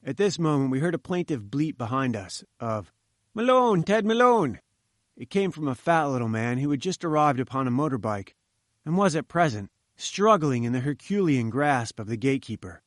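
A man reading an adventure story aloud in measured scripted narration. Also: mid-range voice, expressive, no echo, clean studio sound. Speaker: audiobook narrator.

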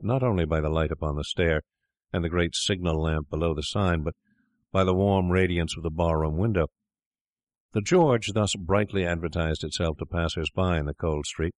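A man reading a classic story aloud in a measured, deliberate narration. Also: deep voice, dry recording, clean studio sound.

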